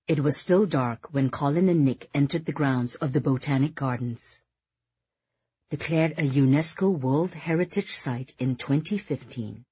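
Low, husky woman reading a novel. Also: dark tone, no echo, lo-fi sound. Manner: measured, descriptive storytelling. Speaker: audiobook narrator. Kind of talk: scripted narration.

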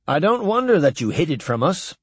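A man's voice: fairly high pitch, sing-song, a little fast, slightly rough, no echo, voice pushed up. A man voicing a blunt, plain-spoken male senator. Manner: blunt, folksy.

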